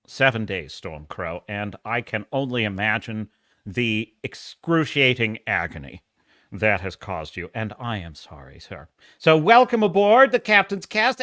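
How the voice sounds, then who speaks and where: A man's voice: medium pitch, very animated, normal speed, pushed and bright, no echo, studio quality. A man chatting casually on a live stream, telling stories with sarcasm, frequent laughs and restarts, and sharing strong opinions.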